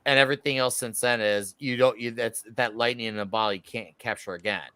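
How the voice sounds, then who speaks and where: A man's voice: medium pitch, steady tone, brisk, fairly bright tone, smooth, dry recording. An easygoing man on a comics podcast panel, rambling through his opinions. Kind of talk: casual panel chat.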